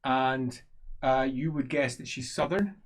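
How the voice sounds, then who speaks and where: A man's voice: medium pitch, a little slow. A man narrating as game master for a tabletop role-playing game, describing scenes with fillers.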